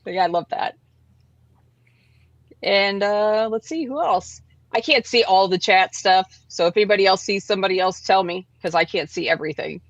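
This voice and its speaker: A woman's voice: medium pitch, normal speed, dry recording. A woman hosting a casual livestream talk show, chatty and laughing often, with lots of fillers. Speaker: host. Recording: dry, dull lo-fi sound.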